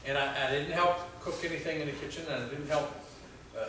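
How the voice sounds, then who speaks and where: Echoey pastor preaching from afar. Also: male voice, fairly high pitch, sharp tone, slight background noise. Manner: conversational storytelling, halting restarts. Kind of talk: sermon. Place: church sanctuary. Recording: very echoey church hall from far off.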